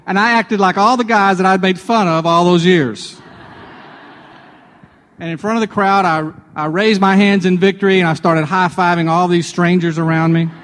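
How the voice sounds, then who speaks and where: A man's voice: high-pitched, steady tone, normal speed, fairly bright tone, in a large hall. A man hosting a radio devotional, telling personal anecdotes in a chatty way before drawing a sermon point. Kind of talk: conversational devotional storytelling.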